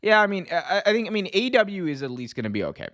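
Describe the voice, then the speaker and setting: A man hosting a podcast in casual chat, excitable and full of "like". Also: sits high, quick pace. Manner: excitable, heavy use of "like". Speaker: podcast host.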